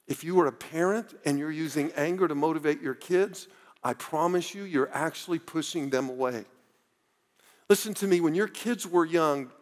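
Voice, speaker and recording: A man's voice: a little high, in a large hall. A man preaching a sermon as a pastor, talking earnestly and directly to his listeners, pleading with them.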